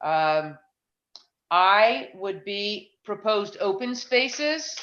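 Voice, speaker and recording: A woman's voice: animated, very slow, fairly bright tone. Woman, board chair, casual and self-deprecating, muffled meeting recording. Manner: chatty, self-deprecating, thinks aloud with restarts. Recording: muffled low-fi meeting audio.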